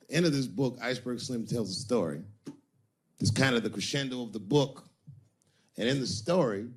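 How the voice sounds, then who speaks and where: A male stand-up comic spinning a crude tale with theatrical flair. His pitch leaps and dips all over, while the voice sits in a middling register. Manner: animated, profane, theatrical. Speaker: stand-up comedian. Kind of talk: stand-up comedy storytelling.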